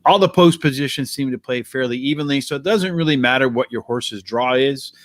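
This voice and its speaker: A man hosting a horse racing preview, walking through post positions, pace and jockeys in a brisk, analytical way. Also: medium pitch, no echo. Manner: brisk, analytical, addresses co-host by name. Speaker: racing handicapper host.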